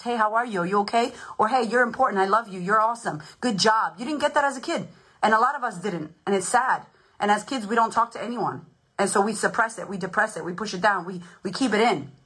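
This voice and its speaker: A woman's voice: medium pitch, fairly bright tone, breathy edge, rough recording. A woman in her thirties, a podcast host and confidence coach, giving a blunt, swearing, emphatic motivational talk in a casual livestream.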